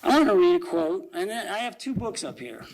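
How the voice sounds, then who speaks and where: A man giving a conversational sermon at a church service, reading quotations aloud slowly and asking the congregation rhetorical questions. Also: high-pitched, very animated, poor audio.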